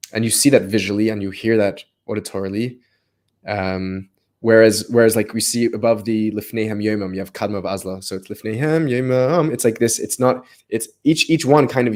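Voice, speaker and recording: Lively man with a low voice explaining. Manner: energetic, restarts and repeats words as ideas build. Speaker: co-host of a text study livestream. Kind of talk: animated live study discussion.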